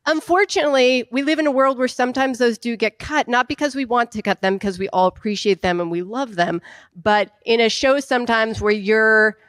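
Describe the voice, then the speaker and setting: A woman executive producer on a festival panel speaks in a smooth, resonant voice. She hedges and restarts, trying to pin down what she means. The sound is dry and close. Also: on the high side, dry recording. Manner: hesitant, searching for words, warm laughs. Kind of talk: casual panel talk.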